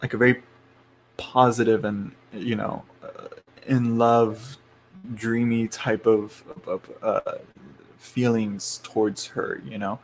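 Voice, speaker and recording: A man's voice: fairly low pitch, little pitch movement, slow, slight background noise. A man hosting a live tarot reading stream, rambling along with lots of fillers and restarts and frequent chuckles.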